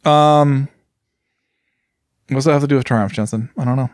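Young guy cohosting, rambly and animated, says like constantly, dry close sound. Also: medium pitch, normal speed, dry recording. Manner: animated, rambling, heavy use of "like". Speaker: podcast co-host. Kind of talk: casual chat.

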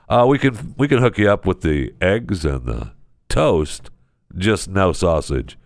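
A deep-voiced man rants his way through a casual comedic monologue as a podcast host, full of sarcastic mock outrage. His voice sits very low, and the sound is dry and close, with no room echo. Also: animated, normal speed.

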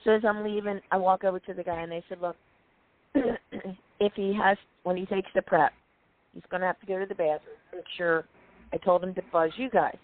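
A woman's voice: fairly low pitch, brisk. Woman telling anecdotes over a phone line. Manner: animated anecdotes, quoting others, frequent throat clearing. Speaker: guest telling stories. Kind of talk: casual storytelling on a call-in chat.

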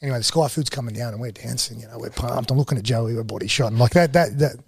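A man, a guest casually telling stories, animated and full of slang. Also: mid-range voice, fast talker, gravelly. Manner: animated, slangy, swings into excited quoting. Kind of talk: casual storytelling.

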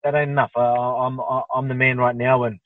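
A man's voice: medium pitch, level tone, a little fast, no echo. A man in his thirties with an Australian accent, answering interview questions over a video call in a fired-up, restless way, full of fillers and repeated words. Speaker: interview guest, fighter. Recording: tinny phone-like line, dry.

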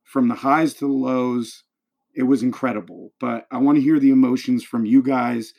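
A man's voice: medium pitch, fairly even intonation, normal speed, vocal fry, a little mellow. A man hosting a sports podcast, talking with enthusiasm and dramatic flair. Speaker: podcast host.

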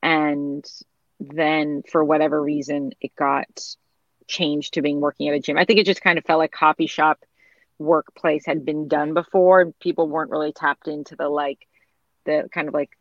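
A woman's voice: sits low, level tone, moderate pace, no echo. A woman being interviewed, telling stories in a loose, rambling way with many fillers and restarts. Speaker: interview guest, TV director and writer. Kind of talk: casual conversational storytelling. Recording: slightly dull, lo-fi sound.

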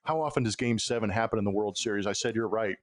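A man's voice: fairly low pitch, quick pace. A man hosting a sports podcast, telling stories in a chatty, casual way with frequent filler words. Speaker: podcast host. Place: Houston.

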